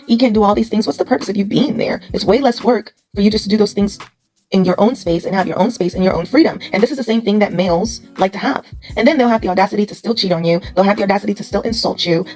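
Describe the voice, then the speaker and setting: A woman's voice: medium pitch, darkish tone, low-quality recording. A woman hosting a commentary channel, lecturing bluntly with many rhetorical questions. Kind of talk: opinion commentary to camera.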